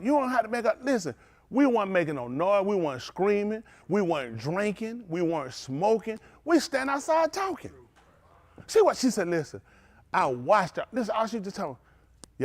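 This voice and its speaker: A male pastor preaches an animated sermon, his voice set high and leaping all over the place. He tells stories and throws questions out to the congregation. The sound is dry and close. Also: dry recording.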